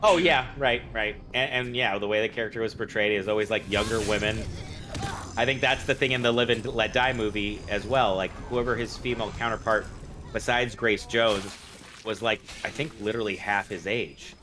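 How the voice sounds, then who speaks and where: A man's voice: fairly low pitch, normal speed, noisy background. Rambling, jokey man streaming a game. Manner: rambling, jokey, swears freely. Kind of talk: casual gaming livestream chat.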